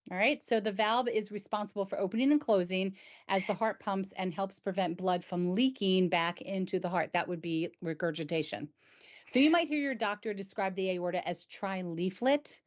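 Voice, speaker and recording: A woman hosting a casual explainer chat, enthusiastic and chatty, sometimes tripping over medical terms. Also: mid-range voice. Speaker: host. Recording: dull lo-fi sound.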